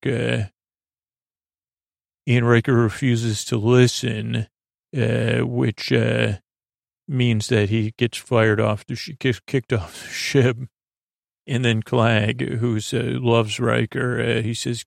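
Male host, sleep podcast, halting low-key recap, dry close sound. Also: flat delivery, gravelly, no room sound. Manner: halting, many fillers and restarts, low-key.

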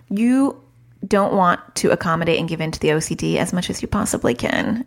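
A woman's voice: lowish voice, moderate pace, vocal fry. A woman hosting a parenting podcast, talking frankly and casually and laughing at herself now and then. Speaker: podcast host, parenting educator.

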